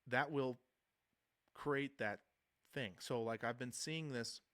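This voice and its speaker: Young male vlogger, earnest, loose and rambling delivery with restarts, medium pitch. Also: slow, fairly bright tone. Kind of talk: casual reflective monologue.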